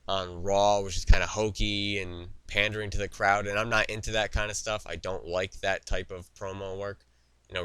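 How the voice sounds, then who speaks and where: A man's voice: deep voice, pushed and bright, clean tone, no room sound. A young man hosting a wrestling talk show, giving his opinions in a rambling, opinionated way with frequent fillers and restarts, recorded in a studio. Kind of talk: solo opinion commentary.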